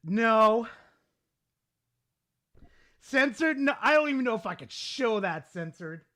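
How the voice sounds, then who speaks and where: High, animated, foul-mouthed streamer man. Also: slow pace. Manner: profane, excitable, swings from muttering to yelling. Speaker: streamer reading live chat. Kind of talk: casual livestream chat.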